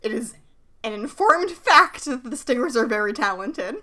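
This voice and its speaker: A woman co-hosting a podcast, recapping an episode in casual chat, animated and joking. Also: a little high. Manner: animated, joking, quick to laugh. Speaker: podcast co-host.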